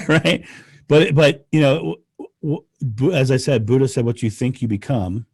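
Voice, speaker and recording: A man, a podcast guest, talking in casual conversation, animated and laughing often as he rants. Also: medium pitch, a little slow, breathy edge, dry recording, studio quality.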